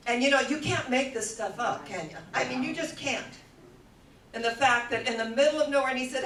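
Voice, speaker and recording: A woman's voice: sits high, fairly quick, a bit bright, a little hiss or hum. An older woman telling stories in a spiritual talk. She laughs easily and acts out the voices of the people she quotes. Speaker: spiritual speaker. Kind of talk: storytelling talk. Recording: echoey room, voice from a distance.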